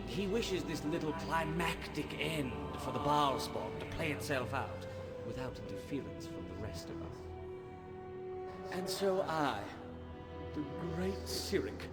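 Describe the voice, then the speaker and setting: A man's voice: on the high side, voice pushed up. A man voicing a scheming, petulant male god of murder in a game's dialogue, sarcastic and self-important, with game music behind him. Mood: aggrieved.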